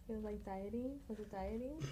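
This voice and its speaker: A woman's voice: medium pitch, a little fast, dark tone, a little hiss or hum. A young woman hosting a casual chat, prompting with questions and murmured agreement. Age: young adult. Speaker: host.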